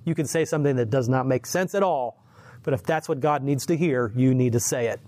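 A man's voice: medium pitch, a little fast, darkish tone, no echo. Brief: man preaching informally, chatty storyteller, chuckles often, restarts sentences, mid-range voice. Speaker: lay preacher. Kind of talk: informal sermon.

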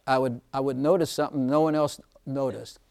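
A man preaching an informal sermon, chatty and often laughing, slowing down to stress scripture lines. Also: medium pitch, fairly even intonation, gravelly, a little mellow, smooth.

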